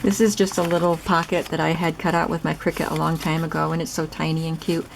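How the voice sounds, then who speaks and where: A woman with a lowish, gravelly voice talks through a craft project in a relaxed, chatty way, explaining each step as she goes. The recording carries clear background noise and clicks. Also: fast. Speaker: craft channel host. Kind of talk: casual crafting demonstration.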